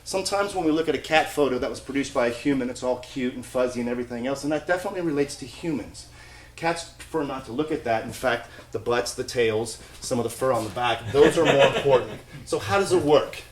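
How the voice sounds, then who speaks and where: A man with a mid-range voice delivers an invented pitch in a deadpan corporate tone, with chuckles slipping through. The room gives his voice a noticeable echo. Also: quick pace. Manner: mock-earnest corporate tone with chuckles. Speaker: pitch presenter. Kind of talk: improvised comic pitch. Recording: echoey room.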